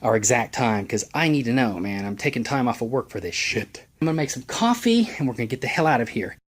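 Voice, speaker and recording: A man's voice: mid-range voice, big pitch swings, quick pace, a little hiss or hum. A middle-aged man from Tennessee with a Southern accent, telling a road-trip story in a loose, profane vlog, laughing at his own jokes. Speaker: vlogger. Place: in and around his truck at night, on the road.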